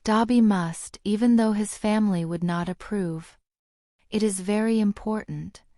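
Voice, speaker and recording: A woman's voice: mid-range voice, a little slow, dark tone, no room sound, clean studio sound, close to an everyday voice. A woman voicing a timid, servile male house elf who speaks of himself in the third person, read as an audiobook character. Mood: anxious pleading.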